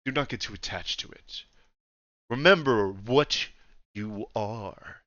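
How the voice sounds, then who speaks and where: A man voicing an ancient dragon emperor in human form, refined and domineering, speaking slowly. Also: fairly bright tone, no room sound, highs cut off. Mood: commanding. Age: older. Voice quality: deep, refined voice. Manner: slow, domineering, imperious.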